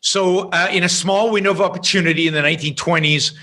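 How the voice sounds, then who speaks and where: A middle-aged man, a podcast guest, telling a story in an emphatic, animated way. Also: high voice, fast.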